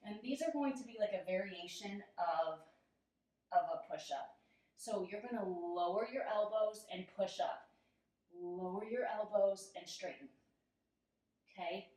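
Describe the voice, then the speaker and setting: Moving on a mat as she leads a guided yoga class, a young woman with a mid-range voice demonstrates the poses, chatty, giggly and laughing at herself while out of breath. The camera mic sits at a distance, and the very echoey room makes her sound far off.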